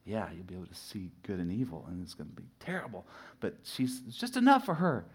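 A middle-aged pastor preaching a sermon, telling a personal story with lively swings from loud acted shouts to hushed asides. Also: male voice, on the low side, fast talker, slightly rough. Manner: animated storytelling, acts out his own shouting and sudden hushed asides.

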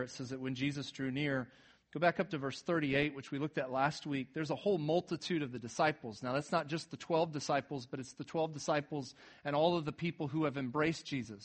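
Animated man preaching a conversational sermon. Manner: animated, builds to emphatic peaks then drops low and quiet; retells scripture in a casual, conversational way. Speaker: pastor.

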